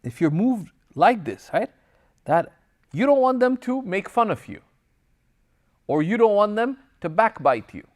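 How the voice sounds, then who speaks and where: In this recorded class lecture, an Islamic teacher with a high-sitting voice speaks at a measured pace, leaving long pauses. He reads Arabic passages to his religious class and explains them in English, drawing on personal stories. His manner is lively as he shifts between text and explanation, and he acts out dialogue in passing while telling anecdotes.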